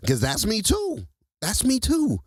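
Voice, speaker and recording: A man hosting a casual motivational talk, who speaks straight to his listeners in a lively, preachy way. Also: sits high, a little slow, husky, no echo. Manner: animated, preachy, addresses listeners directly as y'all. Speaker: host.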